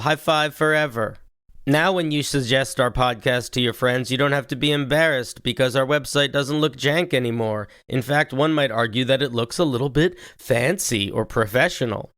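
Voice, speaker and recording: A man's voice: mid-range voice, a bit bright, clean tone, dry recording. Chatty male game master, dry sound. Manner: upbeat, chatty. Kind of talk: tabletop game narration and podcast ad read.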